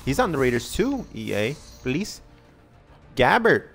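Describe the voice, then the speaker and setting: Gaming host, male, mid-pitched voice, eager chatter, faint music bed. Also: normal speed, gravelly. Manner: excitable, pleading with the game for good pulls. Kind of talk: casual game commentary.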